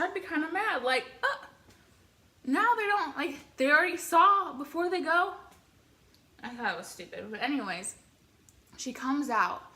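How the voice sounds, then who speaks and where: A young woman from the Midwest telling an excitable, rambling story with many filler words while eating on camera. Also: fairly high pitch. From American Midwest. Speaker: vlogger.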